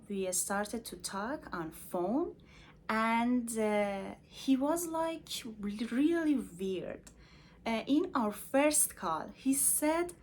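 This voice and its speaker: A young woman with an Iranian accent tells a personal story to the camera, slowly and with many pauses. Her voice sits fairly high and swings widely in pitch. Faint noise hums behind her. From Iran. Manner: hesitant, many filler sounds. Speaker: vlogger.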